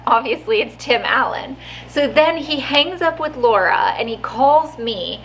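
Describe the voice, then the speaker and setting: A woman's voice: high-pitched, lively intonation, measured pace, a bit bright, a little hiss or hum, rough recording. A woman vlogger telling a story in a chatty way, laughing often and saying "like" a lot. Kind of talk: casual storytelling vlog.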